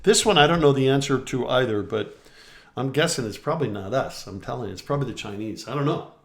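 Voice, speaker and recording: A middle-aged man hosts a casual live-stream chat with his co-host, trading jokey, teasing banter. His voice sits at a middle pitch and rings in an echoey room. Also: animated, fast talker, vocal fry.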